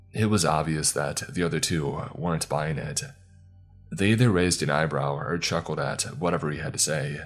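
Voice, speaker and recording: A man narrating a scripted first-person horror story in a calm, steady way. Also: a bass voice, husky.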